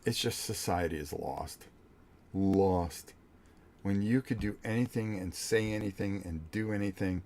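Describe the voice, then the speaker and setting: An older man hosting a vlog, telling a blunt, profane story in a casual, animated way with many restarts. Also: on the low side, a little fast, hardly any pauses. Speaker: vlog host.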